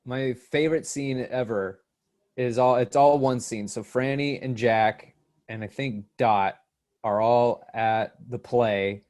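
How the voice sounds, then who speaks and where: A man co-hosting a podcast, retelling scenes in a rambling, excited way, laughing as he goes. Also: mid-range voice, slow pace. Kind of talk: casual podcast chat.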